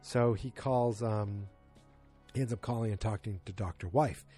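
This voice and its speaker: Man, relaxed mellow tone, loose rambling recap of a show, halting and casual. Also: fairly low pitch, slightly rough, soft background music. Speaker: TV episode recapper. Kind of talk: casual spoken episode recap.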